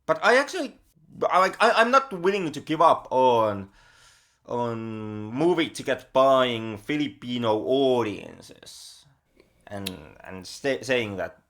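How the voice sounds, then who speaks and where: A man co-hosting a podcast, speaking haltingly and restarting words as he thinks aloud. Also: medium pitch, very animated, a bit bright. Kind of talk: casual film discussion.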